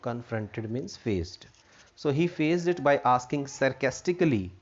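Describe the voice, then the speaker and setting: A man's voice: mid-range voice, animated, measured pace. A man teaching an English textbook lesson, repeating himself and defining words with many fillers. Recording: dull lo-fi recording.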